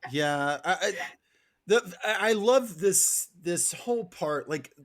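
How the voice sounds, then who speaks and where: A man's voice: high voice, lively intonation, slow pace. A man co-hosting a casual book discussion, laid-back and joking, swearing now and then. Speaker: podcast co-host.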